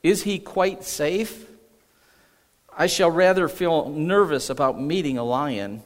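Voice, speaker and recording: A man's voice: a little high, slow pace. Male pastor reading a nervous young girl from a storybook, plain voice, echoey hall.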